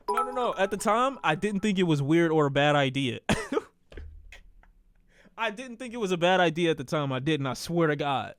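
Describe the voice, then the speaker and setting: A man streaming a casual storytime, talking in an animated, profane way and acting out the voices of the people in his story. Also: a little high, normal speed.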